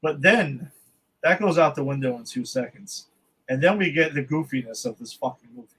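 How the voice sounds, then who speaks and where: A man with a slightly raised pitch co-hosts a casual movie review podcast. He sounds exasperated and swears often. He rambles, restarting his sentences as he goes. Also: expressive, moderate pace, a bit bright, slight background noise, rough recording. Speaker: podcast co-host.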